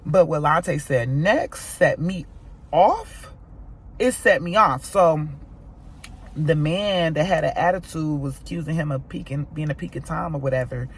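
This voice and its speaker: An American woman vlogging, telling a personal story to her viewers in an animated, emphatic way. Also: low-pitched, unhurried, slightly rough. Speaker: mom vlogger. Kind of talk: storytime vlog.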